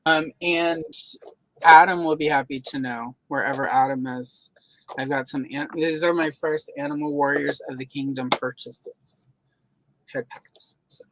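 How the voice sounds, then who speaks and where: A woman's voice: sits low, fairly even intonation, measured pace, noisy background. A woman from the American South hosting a live stream, chatting casually and rambling with self-deprecating jokes over a home computer mic. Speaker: host of a live audio stream. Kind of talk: casual chat.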